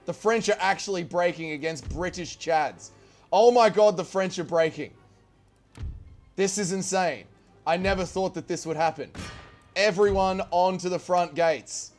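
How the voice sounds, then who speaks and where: Male game streamer, high voice, loud swearing play-by-play, faint music under. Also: unhurried. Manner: excitable, swearing, shouting orders and cheers. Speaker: gaming streamer. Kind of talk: live strategy-game commentary.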